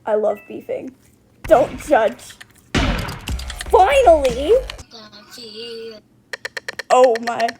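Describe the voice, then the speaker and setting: A woman with a very high voice that swings widely in pitch gives dramatic, exclamatory gameplay commentary. She talks at an unhurried pace, and faint noise sits behind her. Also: very animated, over music, poor audio. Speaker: gamer.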